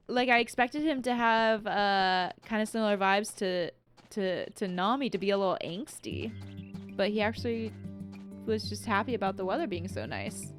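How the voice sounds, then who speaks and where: A woman's voice: mid-range voice, normal speed, smooth, soft background music. A young woman streaming a farming game, chatting casually and thinking aloud as she plays. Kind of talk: casual gameplay commentary.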